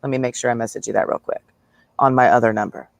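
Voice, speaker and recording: A woman's voice: very deep voice, steady tone, quick pace, creaky, dry recording. A woman livestreaming a blunt, profane, sarcastic rant, talking straight at her listeners. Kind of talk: ranting livestream monologue.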